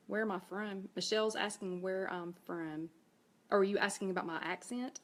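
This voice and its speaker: A woman's voice: lowish voice, steady tone, moderate pace. A woman with an East Tennessee accent, hosting a casual Facebook Live chat and reading viewer comments aloud as she talks. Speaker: host.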